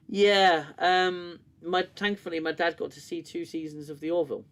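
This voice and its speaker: A man's voice: fairly high pitch, fairly even intonation, moderate pace, few pauses, fairly bright tone. A man hosting a casual review livestream, talking in a rambling, candid way, swearing often and laughing easily.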